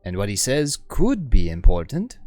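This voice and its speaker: A man's voice: on the low side, wildly swooping pitch, moderate pace, dark tone, voice pushed down. A man voicing an earnest woman who pleads and reasons, as a dramatic reading of game dialogue. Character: earnest young woman seeking wisdom.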